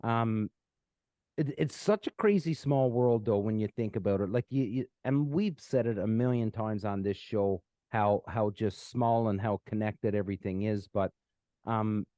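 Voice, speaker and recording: A man's voice: lowish voice, moderate pace, mellow, dry recording. A man hosting a podcast, chatting casually with many fillers and restarts, from Canada. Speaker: podcast host. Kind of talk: casual chat.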